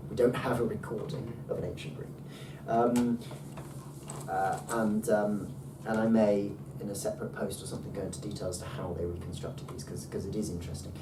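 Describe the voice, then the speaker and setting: An Ancient Greek tutor patiently explains pronunciation step by step in relaxed one-to-one teaching, often pausing with "um" and restarting his sentences. His fairly low, steady voice comes from some way back from the mic in a roomy space, over a faint hiss.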